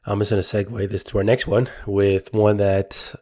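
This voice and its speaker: A man's voice: fairly low pitch, level tone, normal speed, warm tone. A man co-hosting a casual film podcast, laughing often and thinking aloud with some hesitation. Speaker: podcast co-host.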